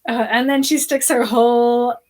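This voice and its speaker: A woman's voice: fairly high pitch, level tone, normal speed, a crowd in the background. A woman co-hosting a podcast, laughing often and trading playful quips in a casual book recap chat. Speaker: podcast co-host.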